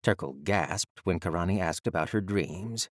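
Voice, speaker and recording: A deep-voiced man narrating a fantasy audiobook in a measured, even storytelling manner. The recording is dry and close, with no room sound. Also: no room sound.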